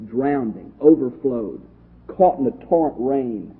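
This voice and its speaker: Male pastor, Bible study class, husky, animated delivery, tinny lo-fi audio. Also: on the high side, moderate pace. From Texas. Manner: lively, conversational, asks the class questions. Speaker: pastor teacher.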